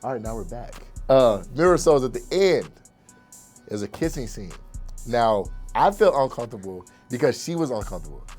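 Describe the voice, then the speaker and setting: A man's voice: medium pitch, a little mellow. A young man and actor chatting casually, laid-back, repeating himself and laughing often. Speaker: actor and co-host. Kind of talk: casual chat.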